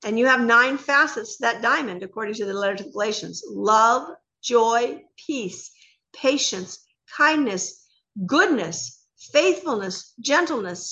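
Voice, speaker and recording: A woman co-hosting a radio Bible show, earnestly reading scripture slowly and explaining it. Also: fairly high pitch, pushed and bright.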